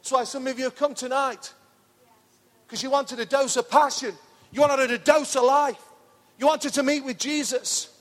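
A middle-aged pastor preaching an enthusiastic, pumped-up sermon in a church hall. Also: male voice, extremely high pitch, steady tone, normal speed.

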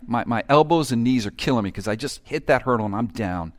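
A middle-aged male pastor preaching a sermon, swinging from hushed asides to loud, fervent passages and acting out quoted prayers. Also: mid-range voice, lively intonation, fast talker, hardly any pauses. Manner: acts out quoted prayers and complaints.

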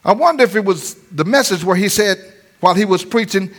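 A pastor preaching a lively sermon to his church, acting out voices and laughing often. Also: sits high, brisk. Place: church sanctuary.

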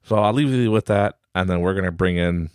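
A man's voice: low-pitched, a little fast, clear, resonant tone, no echo, clean studio sound. A man in his forties hosting a podcast, giving a rambling, upbeat motivational talk and laughing often. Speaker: podcast host.

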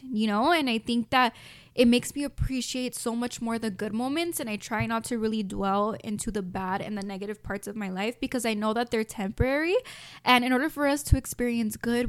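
A woman's voice: on the high side, clear, resonant tone, no room sound, clean studio sound. Heartfelt young Mexican American woman host. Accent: Mexican American English with Spanish mixed in. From United States. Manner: heartfelt, talks straight to listeners as "you guys". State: choked up with emotion. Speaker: podcast host. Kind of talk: reflective casual monologue.

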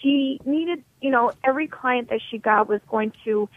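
A woman from New York in her thirties, a motivation coach talking as a radio guest in a blunt, energetic, straight-talking way over the phone. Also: high voice, moderate pace, dry recording. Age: 30s. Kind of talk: radio interview. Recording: tinny phone line, dry.

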